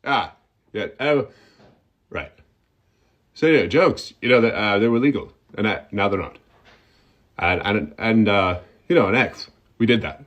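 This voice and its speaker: A man's voice: on the low side, expressive, a little slow, long pauses, muffled recording. A man doing a stammering tech-mogul with whistling S's. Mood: awkward. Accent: sibilant front-of-mouth accent, slightly whistling S. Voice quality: heavy unpredictable stutter, repeated words. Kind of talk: comic impression.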